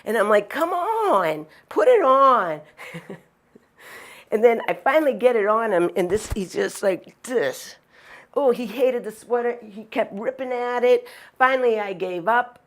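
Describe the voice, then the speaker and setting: An older woman telling stories from her own childhood. She tells them with lively energy and acts out the noises and lines of the people and animals in them. Her voice sits at a typical pitch for a woman. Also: measured pace. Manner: animated, acts out sounds and quotes. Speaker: storyteller. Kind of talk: personal storytelling.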